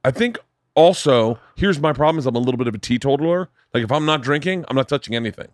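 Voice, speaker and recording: A man's voice: mid-range voice, expressive, fast talker, no room sound, studio quality. A middle-aged man hosting a podcast in casual chat, rambling with stammering restarts. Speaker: podcast host.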